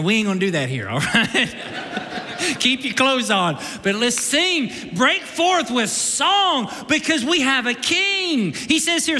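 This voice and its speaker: A man preaching a lively, joking sermon as pastor, shifting into loud shouts and mock voices. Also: high voice, in a large hall. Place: church sanctuary.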